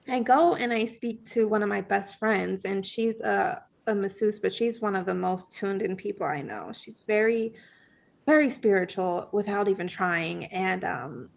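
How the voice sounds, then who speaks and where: A woman guest on a podcast telling a personal story in a casual, animated way, full of fillers and acted-out thoughts. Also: medium pitch, creaky. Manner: animated, many fillers, acts out her own past thoughts.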